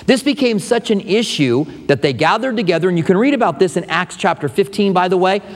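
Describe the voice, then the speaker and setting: A man's voice: high voice, lively intonation, brisk, big-room sound. A male pastor teaching an expository sermon in a conversational way, with asides to his congregation, in a church sanctuary.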